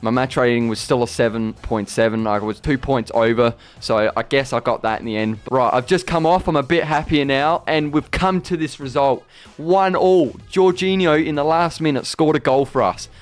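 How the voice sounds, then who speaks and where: A man commentating his own football video game career, yelling at missed chances and then muttering in defeat. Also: mid-range voice, normal speed, faint music behind. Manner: excitable, swings between shouting at the game and deflated muttering. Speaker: gaming YouTuber. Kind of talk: gameplay commentary.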